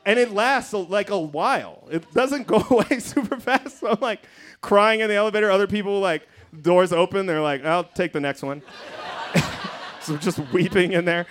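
A man telling a comedic story on a live stage, animated and profane, laughing through his own lines. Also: high-pitched, normal speed.

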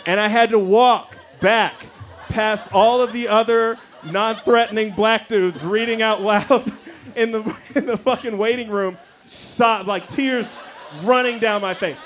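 A man telling a comedic story on a live stage, animated and profane, laughing through his own lines. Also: high voice, a little slow, a little hiss or hum.

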